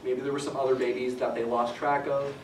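A man's voice: mid-range voice, little pitch movement, brisk, a little hiss or hum. A middle-aged man teaching a statistics class, chatty and digressive with dry humor. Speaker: statistics lecturer. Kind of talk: classroom lecture. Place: lecture classroom. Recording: echoey classroom from a distance.

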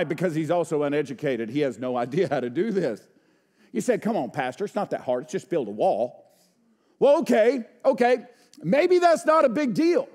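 High-voiced pastor preaching with call-and-response. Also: male voice. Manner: swings from hushed low asides to loud emphatic shouts; folksy, uses y'all and rhetorical questions. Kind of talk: sermon.

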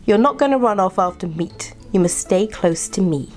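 A woman voicing a careful, kind little male polar bear cub in a bedtime story, gentle and a little anxious. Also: medium pitch, lively intonation, normal speed, soft background music, natural voice.

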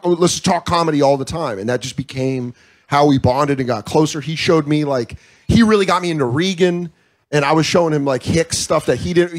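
Comedian guy in his 30s cursing a lot, lively storytelling, kinda high voice. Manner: profane, animated storytelling with quick impressions. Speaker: comedian guest. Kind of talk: casual interview chat. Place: comedy club stage, live.

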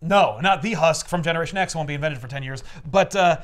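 A man's voice: on the high side, quick pace. A man hosting a casual chat, rambling and swearing as he recaps a story and acts out its characters. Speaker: podcast host.

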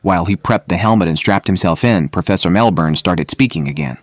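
Deep-voiced man narrating an audiobook. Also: brisk, no echo.

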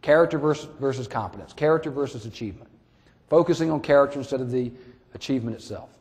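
A man's voice: mid-range voice, fast, darkish tone. A man, a sheriff and police trainer, telling a story in a folksy, conversational training talk. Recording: echoey hall.

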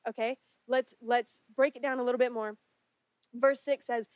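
A woman's voice: on the high side, little pitch movement, normal speed, a little mellow, dry recording. A woman preaching a sermon in church, earnest and pleading, her voice rising in intensity when she prays aloud. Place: church sanctuary.

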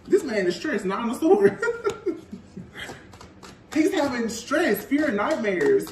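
A man with a high voice gives an animated, gossipy tarot reading and keeps breaking into laughter. His voice echoes around a roomy space. The mic sits some distance away and picks up a faint hiss. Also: slow, pauses often. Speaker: tarot reader. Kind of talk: casual tarot reading monologue.

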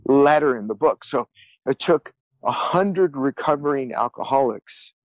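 A man's voice: mid-range voice, lively intonation, unhurried, no echo, poor audio. A man telling his life story as a podcast guest, earnest and rambling, repeating words and acting out what people said. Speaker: guest musician. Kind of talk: candid storytelling interview.

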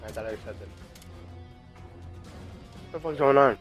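A man's voice: mid-range voice, moderate pace, dull audio, faint music behind. A young man doing casual gameplay commentary, crude and self-mocking, mumbling while he eats. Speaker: gaming co-host.

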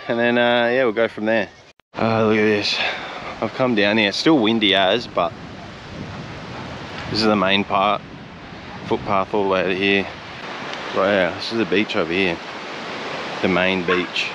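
Casual Australian vlogger, young man, fairly low voice, easygoing banter, heavy outdoor noise. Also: little pitch movement, moderate pace, pauses often. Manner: laid-back, chatty, laughs often. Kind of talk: casual vlog chat. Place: outdoors by the road and beach, windy. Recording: outdoor noise from wind and traffic.

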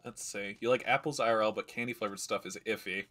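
A man's voice: lowish voice, fairly even intonation, fast, sharp tone. A man streaming a video game, chatting casually and rambling through stories as he plays. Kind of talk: casual gameplay commentary.

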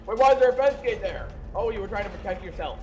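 A man's voice: high-pitched, lively intonation, fast, dark tone, slight background noise. A man playing a game with a friend, joking and begging in mock panic while being chased. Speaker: guest player, host's friend. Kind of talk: casual gaming banter.

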